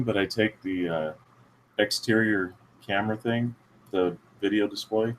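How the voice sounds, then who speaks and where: A man with a very deep voice plays a tabletop game and casually describes his character's actions. He speaks in an easy, relaxed way. A faint hiss runs beneath his voice. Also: a little slow, low-quality recording. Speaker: player.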